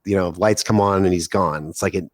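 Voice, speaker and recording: A man in his forties, a podcast guest, telling a long story with excitement, swearing casually and acting out what people said. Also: sits low, fairly quick, no echo, studio quality. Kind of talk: animated storytelling in casual chat.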